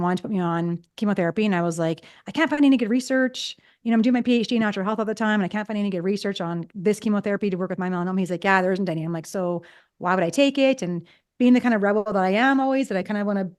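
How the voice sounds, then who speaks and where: A woman in her fifties talks quickly and chattily as a guest in a relaxed interview. She tells personal stories and slips into acting out both sides of old conversations. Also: medium pitch. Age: 50s. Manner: chatty, acts out past conversations. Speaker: psychologist guest. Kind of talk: casual storytelling interview.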